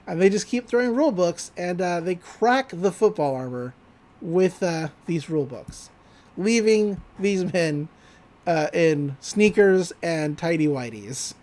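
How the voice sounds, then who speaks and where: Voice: mid-range voice, expressive, a little slow, darkish tone. Rambling, profane podcast co-host. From Texas. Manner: rambling, profane, laughs often. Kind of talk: casual episode recap.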